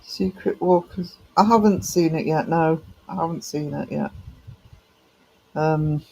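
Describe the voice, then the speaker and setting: High-voiced man chatting on stream. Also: unhurried, vocal fry, darkish tone, slightly rough, low-quality recording. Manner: chatty, greets viewers by name, affectionate pet names. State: voice cracking. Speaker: live streamer. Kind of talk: casual live-stream chat with viewers.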